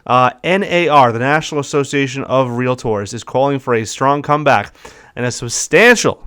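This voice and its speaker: Male podcast co-host, smooth clear voice, upbeat, reads figures and throws questions to his partner. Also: medium pitch, normal speed, fairly bright tone. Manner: upbeat, reads market forecasts aloud and quizzes his partner. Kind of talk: casual podcast chat.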